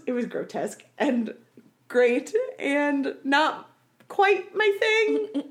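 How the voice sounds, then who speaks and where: A woman's voice: high voice, takes it slowly. A young woman co-hosting a casual chat, telling stories animatedly with lots of "like" and acted-out quotes. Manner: animated storyteller, many "like" fillers, acts out quotes.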